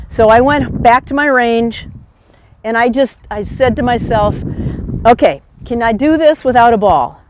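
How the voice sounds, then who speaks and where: Slow-talking emotional woman golf pro. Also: a little high. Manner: emotional, laughs often, slow reflective pace. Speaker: golf tour pro presenting at a teaching seminar. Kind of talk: personal anecdotal presentation. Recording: noisy outdoor recording.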